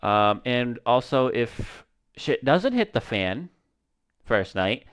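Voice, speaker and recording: Man, gaming streamer, casual commentary, slangy, smooth voice, lively pitch. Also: slow. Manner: animated, slangy, swearing, talks to viewers.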